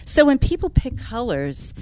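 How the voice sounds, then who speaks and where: A woman's voice: a little high, big pitch swings, moderate pace, darkish tone. A woman who works as an interior designer, chatting casually and with enthusiasm as a regular on a talk show. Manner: chatty, enthusiastic, laughs often. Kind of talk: casual radio chat.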